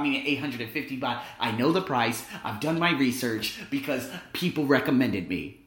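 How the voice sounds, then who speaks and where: Animated man telling stories, roomy echo. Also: mid-range voice, normal speed, few pauses. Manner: animated, acts out quoted voices, swears casually. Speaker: podcast host. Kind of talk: casual storytelling monologue. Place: living in Thailand.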